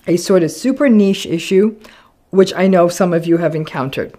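A woman's voice: lowish voice, moderate pace, mellow. Frank woman psychologist explaining to camera. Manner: conversational, frank, acts out quoted lines with shifts of tone. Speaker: psychologist hosting a channel on narcissistic abuse. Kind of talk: direct-to-camera explainer talk.

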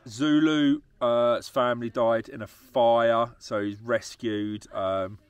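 A man's voice: mid-range voice, fairly even intonation, takes it slowly, smooth, no echo. A young man from England with an English accent, talking casually and laughing often as he speaks straight to his viewers. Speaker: travel vlogger. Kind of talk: casual vlog chat.

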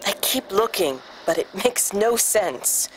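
A woman voicing a puzzled scientist in a game, speaking in a measured, uneasy way. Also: mid-range voice, animated, noisy background, lightly acted. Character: puzzled woman scientist reporting sky readings. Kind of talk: scripted game dialogue.

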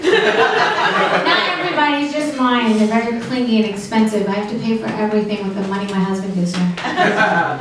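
A middle-aged woman doing a stand-up comedy set with dry, deadpan delivery and audience banter. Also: mid-range voice, fast talker. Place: comedy club stage. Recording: echoey club room from far off, noisy.

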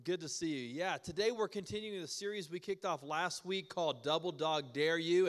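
A man preaching a conversational sermon in a church, energetic and asking the congregation questions. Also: a little high. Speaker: pastor. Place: church auditorium. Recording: echoey church hall.

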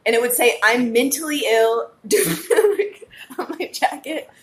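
Casting note: woman, fairly high voice, blunt and animated, swears casually, faint hiss behind. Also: slow pace. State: buzzing on caffeine. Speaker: podcast guest. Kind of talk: casual chat. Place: New York.

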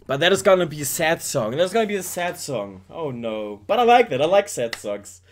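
A man's voice: fairly high pitch, sing-song, fairly quick, background noise. A man giving casual reaction commentary, rambling and joking as he talks straight to his viewers. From Germany. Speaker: K-pop reaction YouTuber.

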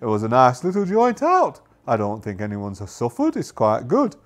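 A man voicing a relaxed male pirate crewman who talks in an easygoing, reassuring way. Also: mid-range voice, normal speed. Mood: contented.

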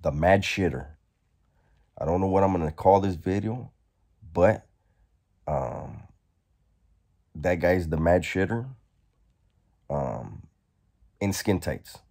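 A man vlogging, telling a story casually in a profane, slangy, animated way. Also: sits low, takes it slowly, long pauses.

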